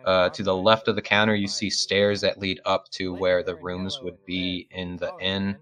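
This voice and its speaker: A man's voice: low-pitched, completely flat delivery, normal speed, fairly bright tone. A man narrating a tabletop role-playing game as game master, casual and full of fillers, over a video call.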